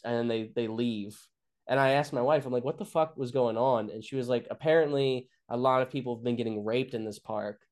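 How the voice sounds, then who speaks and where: A man's voice: mid-range voice, steady tone, fairly quick, a little mellow. A man in his twenties, a comedian, telling a story in casual chat, rambling with lots of fillers and restarts and swearing freely. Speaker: comedian guest.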